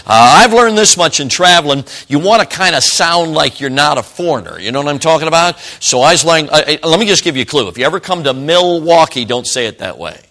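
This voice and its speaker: A man's voice: fairly high pitch, animated, fast, few pauses, pushed and bright. A middle-aged man from Chicago, a traveling evangelist preaching a sermon to a congregation in a folksy, chatty way that draws the listeners in. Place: church service.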